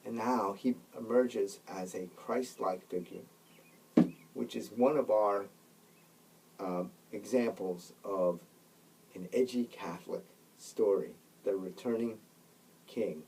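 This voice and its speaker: A man's voice: fairly low pitch, takes it slowly, pauses often, darkish tone, a little hiss or hum. A man retelling a story in casual commentary, emphatic, often checking in with his listeners, recorded on a distant mic. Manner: emphatic, keeps checking in with "right?" and "okay?". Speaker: Catholic commentator.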